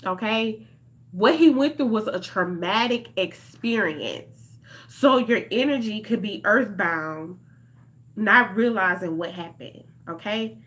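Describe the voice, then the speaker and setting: A woman's voice: medium pitch, expressive, slow pace, fairly bright tone. A young woman, talking straight to her viewers in an impassioned vlog. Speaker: vlogger. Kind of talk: emotional direct-to-camera commentary.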